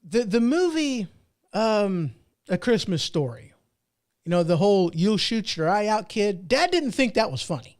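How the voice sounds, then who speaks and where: A man's voice: high voice, very animated, unhurried, darkish tone. A man hosting his own show, telling a funny personal story in a rambling, self-deprecating way. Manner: rambling, self-deprecating, with frequent restarts and fillers. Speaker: podcast host. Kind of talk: casual monologue storytelling.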